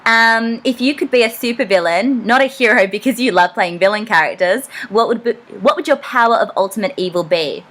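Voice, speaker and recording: A woman's voice: a little high, fairly quick, hardly any pauses, fairly bright tone. A young Australian woman with an Australian accent, casually answering fan questions in a rambling, chatty way with lots of ums. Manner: chatty, rambling, frequent ums and self-deprecating asides. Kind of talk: casual Q&A vlog.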